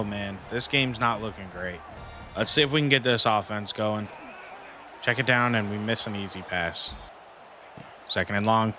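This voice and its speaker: Brief: male gaming commentator, bright forceful voice, lower-pitched, exasperated running play-by-play, faint background noise. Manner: frustrated, venting at his team with mild cussing. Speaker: gaming YouTuber playing a football dynasty mode. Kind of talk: casual gameplay commentary.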